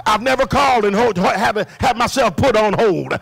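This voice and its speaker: A man pastor preaching a sermon in church, building from talk to shouted, singsong passages. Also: sits high, expressive, normal speed, creaky, slightly rough, soft background music. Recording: live church recording.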